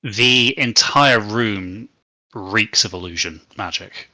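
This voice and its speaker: Bright-voiced male game master. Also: lowish voice, slow, dry recording. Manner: steady descriptive narration. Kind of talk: narrating a tabletop game.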